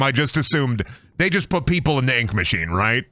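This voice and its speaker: This male streamer talks over a game in a loose live-stream style, full of jokes, profanity, and goofy sing-song voices. He speaks briskly at a medium pitch with lively intonation. His tone is bright and forceful, with no echo.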